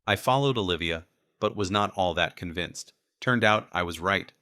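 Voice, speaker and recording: A man narrating an audiobook in the first person with measured, even storytelling. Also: low-pitched, dry recording, studio quality.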